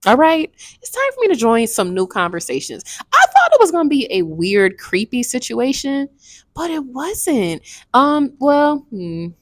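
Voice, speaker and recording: A woman's voice: high-pitched, wildly swooping pitch, measured pace, no room sound, studio quality. A woman in her twenties chatting casually and frankly about a book she read, rambling and swearing now and then. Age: 20s. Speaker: book reviewer. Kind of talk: casual book review chat.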